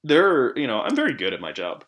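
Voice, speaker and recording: A man in healthcare telling stories in a casual podcast chat, chatty and animated. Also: medium pitch, quick pace. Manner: chatty, animated storytelling with laughs. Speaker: podcast co-host, medical professional.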